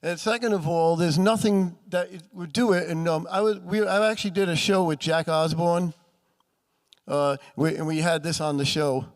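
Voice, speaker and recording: Chatty New man, high voice. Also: fairly even intonation, normal speed. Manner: chatty storyteller, acts out quoted voices. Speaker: paranormal author and speaker. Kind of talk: live talk to an audience. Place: festival room with audience.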